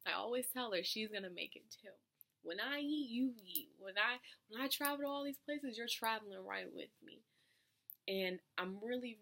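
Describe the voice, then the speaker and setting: A young woman in college gives a heartfelt personal speech. She sounds earnest and emotional, restarting phrases and letting words trail off softly. Her pitch sits in an ordinary middle range for a woman. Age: young adult. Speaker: student giving an award speech.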